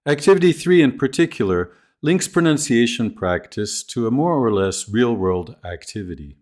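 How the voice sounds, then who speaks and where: A man giving a scripted lesson on teaching pronunciation, slowly modelling example phrases and sentences. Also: medium pitch, lively intonation, darkish tone. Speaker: teacher trainer. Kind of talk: scripted instructional narration.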